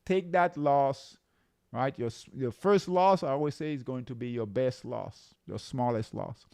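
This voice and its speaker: A man coaching traders through charts, in an unhurried, gravelly voice. He keeps asking "okay?" and "right?" along the way. The sound is close and dry. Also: medium pitch, a little mellow, no room sound. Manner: repetitive, checks in with "okay?" and "right?". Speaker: trading coach. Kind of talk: live chart walkthrough.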